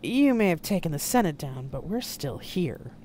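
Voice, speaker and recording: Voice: mid-range voice, animated, brisk, a little mellow, a little hiss or hum, close to an everyday voice. A narrator voicing a sneering young male extremist. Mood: threatening. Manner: sneering, threatening.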